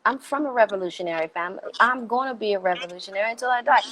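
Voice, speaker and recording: A woman's voice: medium pitch, very fast, slight background noise, low-quality recording. A woman guest in a conversational interview, talking emphatically and with animation, pushing harder as she makes her points. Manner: emphatic and animated, gets louder when making a point.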